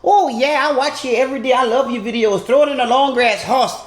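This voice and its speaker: A man putting on the voice of a gushing, flirting woman fan with a high, swooning delivery. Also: fairly quick, echoey room.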